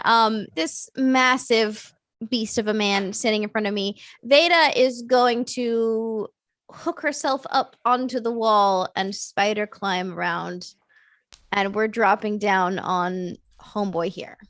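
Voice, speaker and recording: A woman playing a tabletop game, chatty and hesitant with many ums, breaking into excited bursts. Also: on the high side, measured pace, no room sound. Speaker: player. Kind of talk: casual tabletop play.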